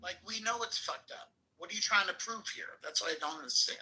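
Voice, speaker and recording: A man's voice: sits high, fast talker, pushed and bright, rough recording. A man in a heated live-chat debate, exasperated and swearing often. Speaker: American participant in a live audio chat.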